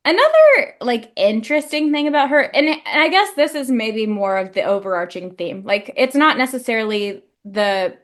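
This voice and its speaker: A woman's voice: fairly high pitch, very animated, normal speed, few pauses. A young woman co-hosting a book podcast in casual, laughing chat, with lots of "like". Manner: chatty, laughs often, says like a lot. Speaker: podcast co-host.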